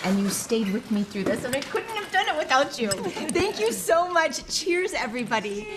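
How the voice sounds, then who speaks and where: A woman's voice: high-pitched, sing-song, normal speed. An actress playing a self-satisfied young woman gushing as she toasts her friends in a film. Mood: gushing festive. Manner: gushing, showy. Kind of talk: film drama acting. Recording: movie clip with noise behind.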